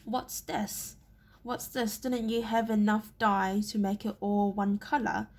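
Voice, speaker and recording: Woman reading as a loud, sneering teenage bully, slow husky voice with some gravel. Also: medium pitch. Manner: sneering, louder than the narration. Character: boastful bullying teenage boy warrior apprentice.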